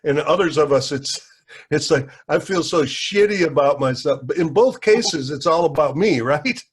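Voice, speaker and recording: A man hosting a recovery podcast, calmly explaining ideas for listeners and affirming his guest. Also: on the high side, normal speed, breathy edge. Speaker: podcast host, interviewer. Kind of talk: casual interview chat.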